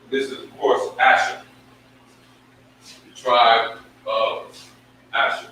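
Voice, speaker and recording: A religious teacher with a medium-pitched, bright, forceful voice gives a scripture lesson in a flat delivery at a slow pace, pausing often. He is emphatic, repeats himself and stretches out each syllable. The recording is from far off in a very echoey room, with faint noise.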